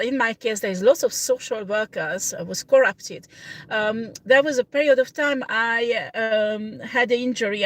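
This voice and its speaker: A woman with a fairly high voice talks loosely to her livestream audience as a tarot reader, rambling and searching for words in halting second-language phrasing. She often breaks into laughter. The sound is dry and close, with no room echo. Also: a bit bright. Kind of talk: casual livestream chat.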